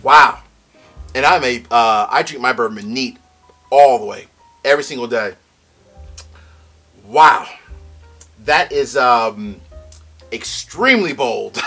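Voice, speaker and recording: Man, whiskey reviewer, casual tasting talk, excitable, teary-eyed, bright forceful voice. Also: medium pitch, takes it slowly, long pauses, soft background music. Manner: excitable, loud exclamations. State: teary-eyed from strong spirit.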